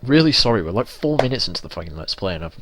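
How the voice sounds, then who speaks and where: A man's voice: on the low side, very animated, racing, fairly bright tone, slight background noise. A young man from England giving casual, sweary, ranting commentary while playing a video game. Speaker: let's play gamer.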